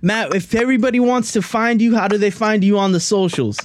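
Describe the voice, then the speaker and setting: Excitable man hosting a podcast. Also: high-pitched, fairly quick, no room sound, studio quality. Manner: excitable, repeats himself. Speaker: podcast host. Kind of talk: casual podcast chat.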